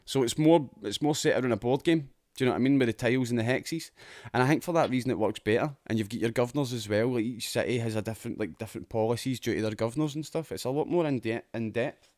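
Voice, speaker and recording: Sweary Scottish podcast host, dry sound. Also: male voice, mid-range voice, fast talker, a little mellow, dry recording. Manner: rambling, sweary, enthusiastic. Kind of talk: casual gaming podcast chat.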